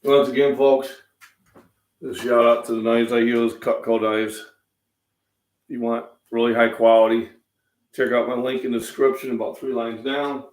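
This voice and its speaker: A middle-aged Midwestern man hosting a casual fitness chat, rambling with many fillers, feeling under the weather with coughs and throat-clearing. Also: mid-range voice, level tone, a little slow, pauses often, a little mellow. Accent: Midwestern American. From Illinois, US Midwest. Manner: rambling, chatty, frequent fillers. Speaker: fitness channel host. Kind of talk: casual live-stream breakfast chat. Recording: echoey room, distant mic.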